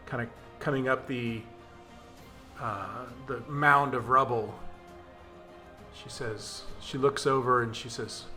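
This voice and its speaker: A man as game master, narrating a tabletop game in a descriptive, unhurried storytelling way. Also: medium pitch, sharp tone.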